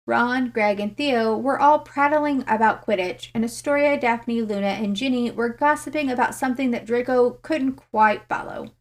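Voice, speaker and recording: A woman narrating fan fiction aloud, in a steady storytelling manner. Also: on the high side, normal speed, few pauses.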